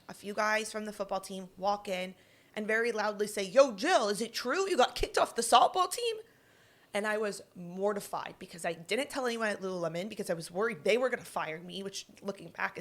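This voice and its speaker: A young woman co-hosting a podcast, telling a personal story casually and acting out the voices she quotes. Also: medium pitch. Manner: animated, acts out quoted lines. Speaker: podcast co-host.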